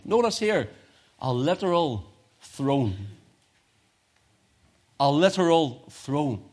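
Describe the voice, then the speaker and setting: A man preaching a sermon, building to loud emphatic peaks and dropping to hushed, almost whispered lines, repeating phrases for effect. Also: medium pitch. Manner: dramatic swings from loud crescendo to hushed near-whisper.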